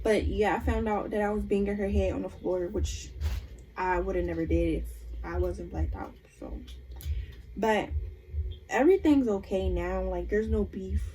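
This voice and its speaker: A young woman vlogger in casual storytime chat, animated as she retells a fight and quotes the other people in it. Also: medium pitch, normal speed, a little hiss or hum, rough recording.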